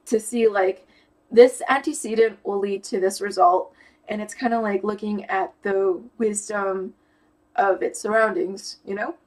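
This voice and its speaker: In a low-quality recording, a young woman with a mid-range voice chats casually to camera as a YouTuber explaining her personality type. She's thoughtful, thinking out loud about how her mind works, reaching for words and filling gaps with fillers and restarts.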